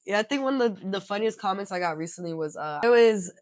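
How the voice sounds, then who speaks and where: A young woman with a deep, raspy voice, co-hosting a casual podcast chat, lively and swearing freely. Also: fast talker, no echo, clean studio sound. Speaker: podcast co-host.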